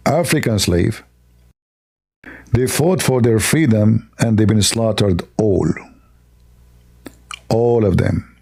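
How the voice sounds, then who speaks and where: A man's voice: lowish voice, vocal fry, a little mellow. A man hosting a livestream, talking in broken, non-native English, rambling and sarcastic. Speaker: livestream host. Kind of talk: casual livestream talk.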